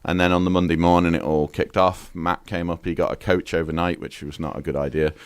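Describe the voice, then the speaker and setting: A man's voice: low voice, flat delivery, a little fast, smooth, no room sound, studio quality. A man from the UK chatting as a podcast guest, telling rambling stories full of fillers and restarts. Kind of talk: casual chat.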